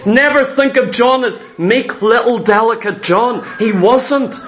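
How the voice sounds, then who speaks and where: A man preaching a sermon, retelling scripture stories with animated delivery and acting out the disciples' voices. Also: extremely high pitch, a little slow, slight background noise.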